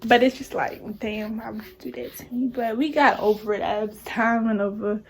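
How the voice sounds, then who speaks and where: A young woman rambles through a casual storytime, emotional and often repeating herself. Her voice sits a little higher than most. She talks close to the camera mic. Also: fairly even intonation, normal speed. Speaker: vlogger.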